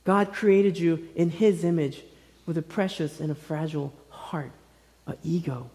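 Earnest higher-voiced pastor in a reverberant hall. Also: male voice. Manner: earnest, gentle, pausing often in short phrases. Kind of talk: sermon. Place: church sanctuary.

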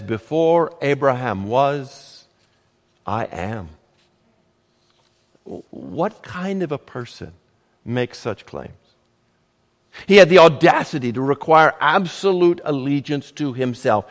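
A pastor preaching a sermon, emphatic and measured, with dramatic pauses and rhetorical questions. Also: male voice, mid-range voice, a bit bright, big-room sound.

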